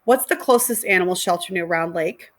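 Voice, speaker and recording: A woman reading aloud, voicing a brisk, no-nonsense grown woman who looks after a girl. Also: on the low side, natural voice.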